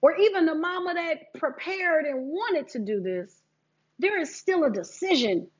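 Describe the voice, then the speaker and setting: A woman's voice: very high voice, expressive, measured pace, muffled recording. A woman sharing her personal testimony in a preaching style, repeating her key phrases and leading listeners through scripture.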